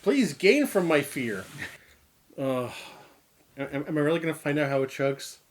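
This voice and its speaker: Man, from Canada, beer show co-host, jokey, fairly high voice, very lively intonation. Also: a little slow. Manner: animated, jokey, exaggerated reactions. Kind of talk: casual chat.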